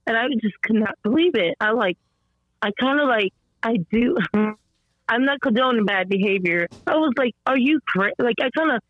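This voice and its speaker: A woman as a podcast guest telling a story about her son in a rambling, animated way, full of fillers and restarts, her voice slightly strained, as she acts out the people she quotes. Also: fairly high pitch, normal speed, no room sound. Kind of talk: conversational storytelling interview. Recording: dull lo-fi dry sound.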